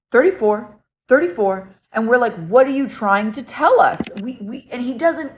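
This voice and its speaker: A young woman telling her own ghost-investigation story to camera in a casual, excited way, filling her talk with "like" and "okay?". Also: medium pitch. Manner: excited, chatty, many fillers and "okay?" checks.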